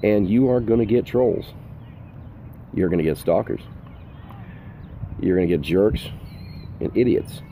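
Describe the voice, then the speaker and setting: This older man lives full-time in an RV and vlogs casual safety tips outside under the sun, stressing and restating each one earnestly. He speaks at a measured pace with long pauses, in a warm, fairly low voice, and the recording carries a little hiss or hum.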